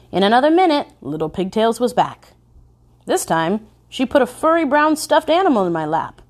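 Expressive woman narrating a memoir. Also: medium pitch. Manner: expressive storytelling, stressing key words.

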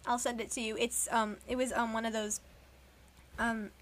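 A young woman chatting casually as a podcast co-host, rambling and animated as she gushes like a fan. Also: a little high, moderate pace. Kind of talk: casual chat.

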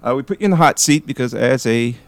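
A man hosting a podcast interview, playful as he quizzes his guest with quick either-or questions. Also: mid-range voice, animated, dry recording. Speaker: podcast host.

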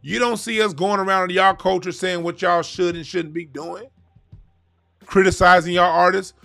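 Man, fairly high pitch, gravelly fry, animated and profane, faint music behind. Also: moderate pace. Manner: animated, profane, mocks other music with sung sounds. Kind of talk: casual heated chat.

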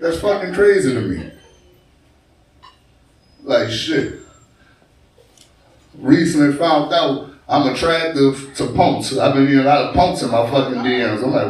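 A man's voice: mid-range voice, measured pace, long pauses. A young man with a New Orleans accent doing a crude, swaggering stand-up set on a bar stage. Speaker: stand-up comedian. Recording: echoey live bar recording, distant mic.

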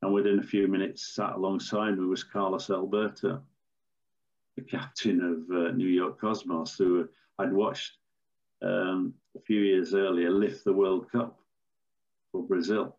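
An older man, a former referee, telling stories in a measured, storytelling way with some fillers. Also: sits low, flat delivery, darkish tone, dull audio. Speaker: former football referee, podcast guest. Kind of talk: anecdotal interview answers.

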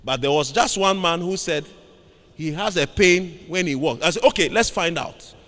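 A man preaching a sermon, calling out to his congregation for responses and shouting key lines. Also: on the high side, lively intonation, moderate pace. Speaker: pastor. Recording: long hall reverb.

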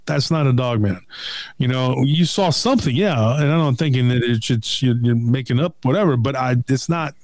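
Animated middle-aged man telling a tale. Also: mid-range voice, moderate pace, hardly any pauses, no echo. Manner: animated retelling, acts out quoted voices. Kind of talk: casual storytelling chat.

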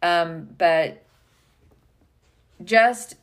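A woman co-hosting a casual business podcast as a coach, thinking aloud with pauses and some stammering. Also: fairly low pitch.

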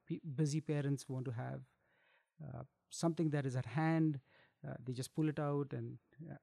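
Middle-aged male chef, gravelly tone, dry sound, easygoing chat with frequent laughs. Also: on the high side, darkish tone, dry recording. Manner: chatty, laughs often, restarts phrases. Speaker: chef and food business owner. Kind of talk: casual interview chat.

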